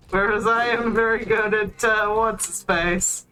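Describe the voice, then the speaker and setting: Woman co-host, bright sharp tone, loose chatty gameplay banter with plenty of ums. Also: mid-range voice, steady tone, measured pace, low-quality recording. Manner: chatty, laughs easily, lots of ums. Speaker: co-commentator. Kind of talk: casual gameplay chat.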